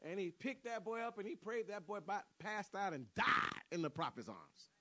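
A man with a high, bright, forceful voice preaches a sermon in storytelling fashion. He repeats and restarts his words and calls out to his listeners. The sound is dry and close, with little room echo. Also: expressive, normal speed.

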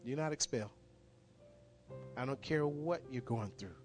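A male pastor speaks in an earnest, repetitive way, stopping and restarting as he prays and tells a story. His voice sits at an ordinary middle pitch. A soft guitar plays faintly behind him. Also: normal speed. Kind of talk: prayer and sermon storytelling.

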